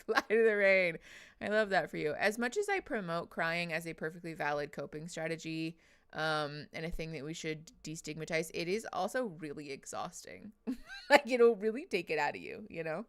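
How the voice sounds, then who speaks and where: A woman with a low-sitting, smooth voice hosts a casual livestream at a normal speed. Teary after crying, she's chatty and emotional, reading viewers' names aloud and laughing often.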